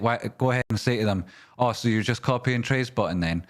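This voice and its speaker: A man's voice: mid-range voice, brisk, hardly any pauses. A man hosting a stock livestream, swearing and ranting, then rambling casually through charts and viewer questions.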